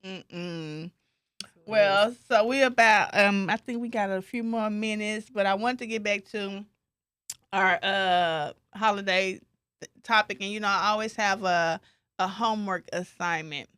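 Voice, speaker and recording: Bright, lively woman hosting a podcast. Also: mid-range voice, a little slow, clean tone, dry recording, clean studio sound. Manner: lively, laughing, animated quoting. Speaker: podcast host. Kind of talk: casual chat.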